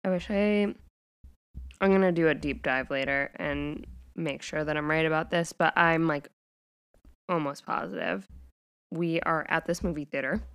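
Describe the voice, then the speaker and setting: A woman's voice: low voice, moderate pace, clean tone. A woman co-hosting a podcast, casually recapping a TV episode and quoting the characters as she goes. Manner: retells scenes with quoted voices, says "like" often. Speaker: podcast co-host.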